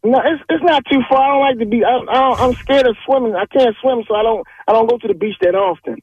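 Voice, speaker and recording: A man phones in to a radio show and rambles along cheerfully, doubling his words as he jokes. His voice sits very high. The line is muffled and dull. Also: fast talker, a little hiss or hum. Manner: rambling, jokey, repeats words. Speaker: caller. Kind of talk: call-in radio chat.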